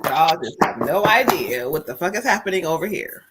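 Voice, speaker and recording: A woman's voice: deep voice, big pitch swings, brisk, very noisy. A woman medium giving spirit readings on a live stream, emotional and profane. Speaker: psychic medium.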